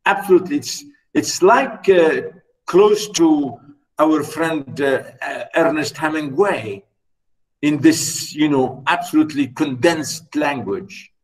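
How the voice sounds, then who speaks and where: Slow emphatic teacher lecturing. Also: male voice, on the high side, lively intonation, distant mic, rough recording. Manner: emphatic, repeats words, many "you know" fillers. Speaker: literature teacher. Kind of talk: classroom lecture.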